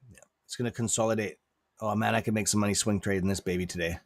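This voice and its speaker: A stock streamer with a non-native English accent talks fast in a lowish, steady voice during a casual livestream, chatty and loose, ending lines with "okay?" and given to sudden outbursts. The sound is studio quality with no echo.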